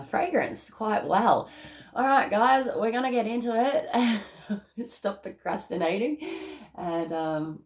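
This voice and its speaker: An Australian woman giving a casual tarot reading, chatty and excitable, laughing often between thoughts. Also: mid-range voice. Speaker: tarot reader.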